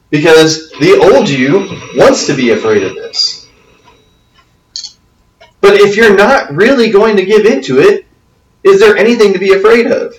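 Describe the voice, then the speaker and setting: A man as youth pastor giving a conversational talk to teens, often checking in with "okay?". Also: on the high side. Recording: echoey room, from a distance.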